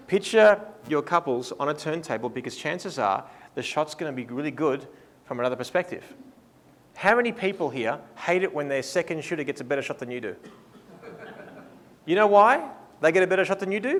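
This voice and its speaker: A man leading a live workshop, playful and lively, acting out what his listeners think. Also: on the high side, a little fast. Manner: lively, playful, acts out clients' thoughts. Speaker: workshop presenter. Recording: reverberant hall sound.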